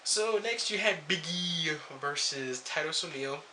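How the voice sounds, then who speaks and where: A man's voice: on the high side, animated, unhurried, background noise. A young man reviewing a wrestling show in a casual rant, sarcastic and swearing freely as he jumps between topics.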